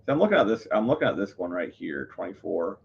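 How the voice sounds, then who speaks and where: A man's voice: deep voice, sing-song, quick pace, gravelly, muffled recording. A man chatting casually on a live stream, rambling, full of fillers and self-corrections. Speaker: livestreamer.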